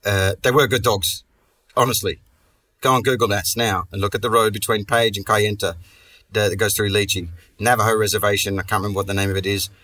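A man's voice: lowish voice, fairly even intonation, a little fast, sharp tone, far from the mic. A man hosting a comedy podcast, telling a long story in a rambling, sweary way and restarting his sentences often. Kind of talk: casual comic storytelling.

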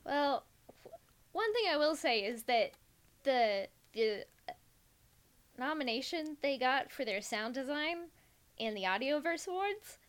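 A woman's voice: high voice, very animated, unhurried, pauses often. A woman hosting a podcast, chatting casually and chuckling after her remarks. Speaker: podcast host. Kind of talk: casual chat.

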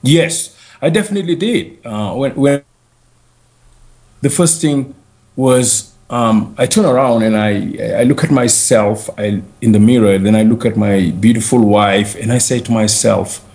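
An earnest man with a West African accent answers interview questions in a reflective, halting way. He often stumbles and restarts before finding his words, and his voice sits at an ordinary middle pitch. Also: darkish tone. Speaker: interview guest.

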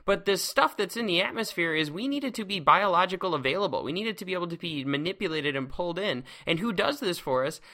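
A man's voice: high voice, animated, fast talker, few pauses, bright, forceful tone. A man hosting a casual science lecture podcast, seated at a close microphone, exuberant and playful, heaping on words like awesome. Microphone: close microphone, speaking seated.

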